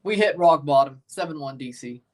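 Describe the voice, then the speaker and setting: A man's voice: fairly high pitch, lively intonation, moderate pace. Chatty Southern US man streaming. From Mississippi, US. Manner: chatty, answers viewers' comments, repeats phrases. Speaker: livestream host. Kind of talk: casual livestream watchalong chat.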